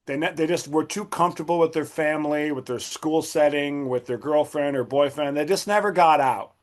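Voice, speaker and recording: A middle-aged man with a slightly raised speaking pitch tells a story in a relaxed, chatty way. He keeps acting out the people he quotes, jumping well up in pitch for their lines. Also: brisk. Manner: animated, acts out quoted voices with big pitch jumps. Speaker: podcast guest, drummer. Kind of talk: casual storytelling.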